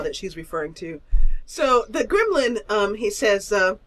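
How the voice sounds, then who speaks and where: A woman's voice: mid-range voice, big pitch swings, normal speed. A woman narrating as game master of an online tabletop game, chatty and laughing, with many fillers.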